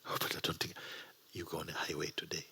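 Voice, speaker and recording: A man voicing a calm male driving instructor who quietly insists. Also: extremely low pitch, quick pace, creaky, slightly rough, whispered, exaggerated voice. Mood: insistent.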